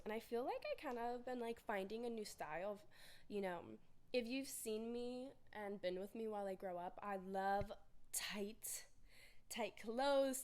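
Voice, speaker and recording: Chatty young woman podcasting solo. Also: mid-range voice. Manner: chatty, animated, laughs often, acts out her own inner voice. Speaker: podcast host. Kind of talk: casual solo podcast chat.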